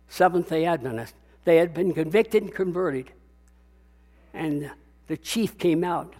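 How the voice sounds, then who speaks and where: A man's voice: high-pitched, darkish tone. An older man preaching a sermon as pastor, emphatic and repetitive, calling out to his congregation.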